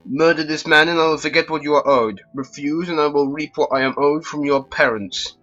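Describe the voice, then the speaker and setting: A man putting on a sly, silver-tongued male fox swindler from a game, speaking higher and louder than the narrator with smooth theatrical flourishes. The recording sounds slightly dull, with faint music underneath. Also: fairly even intonation, fairly quick. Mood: storytelling. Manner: theatrical, smooth, grandly dramatic. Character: suave scheming male fox con artist.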